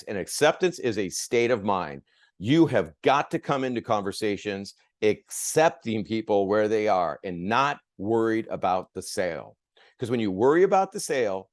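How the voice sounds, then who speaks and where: A man's voice: fairly low pitch, normal speed, no echo, clean studio sound. A man leading a sales training, talking energetically to his group and checking in with them. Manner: energetic, addresses group with "guys" and "okay". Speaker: sales coach. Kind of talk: training talk with role-play.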